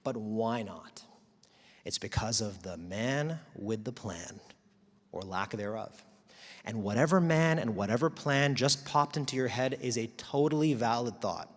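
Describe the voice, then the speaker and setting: A man gives a talk to a crowd, his voice carrying through a large hall with a long echo. He speaks at a middle pitch, in an animated and wry way, with strong emphasis. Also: a little slow. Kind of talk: live talk to an audience. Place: large auditorium.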